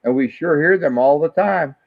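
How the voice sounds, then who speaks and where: A man's voice: a little high, normal speed, creaky. An older man, the host's father and guest, telling rambling stories in a casual chat over the phone. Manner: rambling anecdotes with restarts. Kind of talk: casual storytelling. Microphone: phone call. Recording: tinny phone line.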